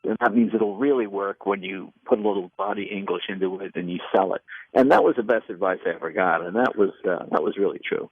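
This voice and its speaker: An older man with a gravelly, creaky voice tells show-business stories in an interview. He acts out the other people in them as he goes. The sound is dry and a bit dull, like a lo-fi recording. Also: deep voice, fast talker, dry recording. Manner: animated anecdotes with quoted voices. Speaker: comedian and former talk show host. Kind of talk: storytelling interview.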